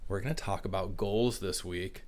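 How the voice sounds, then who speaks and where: A man leading a morning school assembly for young children, upbeat and encouraging, talking fast. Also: low voice, a little mellow. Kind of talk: morning announcements to young students.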